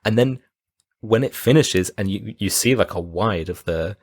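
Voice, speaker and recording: A man co-hosting a casual film podcast, retelling scenes and jumping into quick voices for the characters. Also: fairly low pitch, husky, no echo. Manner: acts out film scenes with quick jumpy voices, laughs often. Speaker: podcast co-host. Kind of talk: casual film-review chat.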